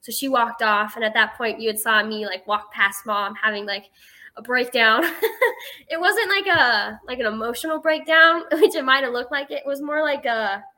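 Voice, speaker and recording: A woman's voice: on the high side, normal speed, bright, forceful tone. An eighteen-year-old woman telling a story as a guest in a casual interview, chatty and filling her speech with "like".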